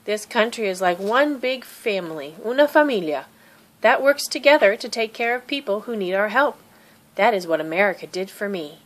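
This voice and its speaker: A woman voicing an eighty-year-old great-aunt, gentle, proud and wise, speaking tenderly and earnestly in a storybook reading. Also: medium pitch, lively intonation, moderate pace, natural voice.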